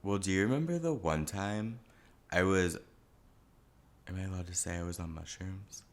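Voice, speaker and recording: A man's voice: deep voice, moderate pace. A man co-hosting a casual podcast, talking in a playful, teasing way. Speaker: podcast co-host. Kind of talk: casual chat.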